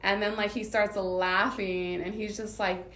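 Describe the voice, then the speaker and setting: A woman with a mid-range, fairly bright voice speaks flatly at a measured pace, over a little hiss or hum and a roomy echo. She's a vlogger from Southern California, retelling a personal story in a casual, filler-filled, wandering way.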